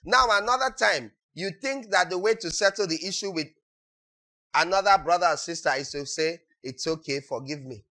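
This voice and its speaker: A man preaching a sermon as pastor, acting out quotes and breaking into sudden shouts. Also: high-pitched, moderate pace.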